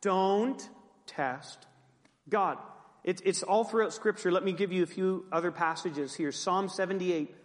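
A man delivering a sermon in a clear, high tenor, loose and conversational, dropping wry asides between readings. His voice rings out through a large hall with a long, lingering echo. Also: unhurried. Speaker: pastor.

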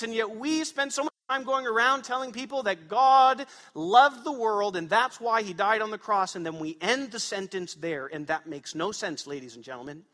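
High bright guy preaching to his church, punchy, lots of questions to the crowd. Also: moderate pace, in a large hall. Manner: emphatic preaching with rhetorical questions to the congregation. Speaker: pastor. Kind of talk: sermon. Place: church sanctuary.

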